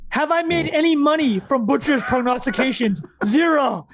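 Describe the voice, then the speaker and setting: A man's voice: very high-pitched, animated, a little fast, highs cut off. A man co-hosting a podcast in casual chat, playful and hyped, joking with his co-hosts. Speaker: podcast co-host.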